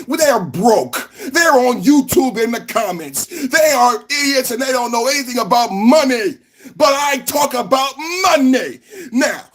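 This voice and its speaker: A man with a high, lifted voice hosts a live political podcast stream. He talks loudly at the chat, repeats phrases over and over and slips into sing-song chants. It sounds like a desk microphone in a home studio. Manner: loud, repetitive, sing-song ranting at the chat. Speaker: podcast host.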